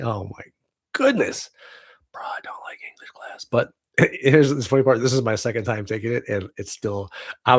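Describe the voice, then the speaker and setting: A man's voice: lowish voice, no room sound. A man in his forties from the United States hosting a casual livestream from home on a webcam, rambling, laughing often and swearing freely. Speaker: livestream host.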